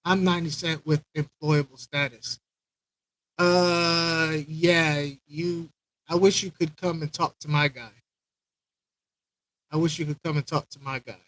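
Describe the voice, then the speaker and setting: A high-pitched man hosts a casual live stream from home, rambling and repeating lines as he greets viewers by name. His voice sits close and dry on the mic, with little room sound. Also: steady tone, measured pace, pauses often, a bit bright, no room sound, rough recording. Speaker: aquarium channel host.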